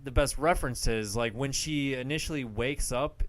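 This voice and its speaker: A man's voice: medium pitch, normal speed, a bit bright. A man co-hosting a horror movie podcast, chatting in a laid-back, agreeable way with lots of short replies. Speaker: podcast co-host. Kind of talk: casual movie review chat.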